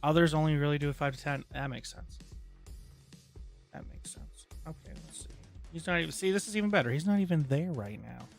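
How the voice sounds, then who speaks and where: A male live streamer talking into his desk mic, his voice sitting a little high for a man. He rambles along in casual chat, throwing in jokey asides to his viewers, while faint music plays underneath. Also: fast, gravelly, few pauses.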